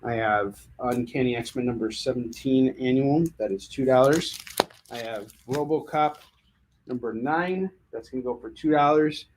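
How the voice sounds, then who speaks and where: An American man chats casually on a livestream, jumping between comic sales and stories with lots of ums and restarts. His voice sits at an ordinary middle pitch. Faint noise hums behind him. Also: a little slow, rough recording. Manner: animated, jokey, hesitant with fillers. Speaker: host selling comics.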